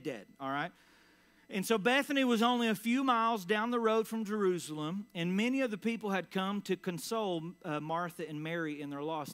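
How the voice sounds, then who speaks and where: Guy preaching in church, kinda high voice, chatty with lots of "like", goes quiet to make a point. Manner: conversational preaching with many "like" and "all right" fillers; drops to a quiet, low voice for emphasis. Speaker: pastor. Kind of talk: sermon. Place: church sanctuary.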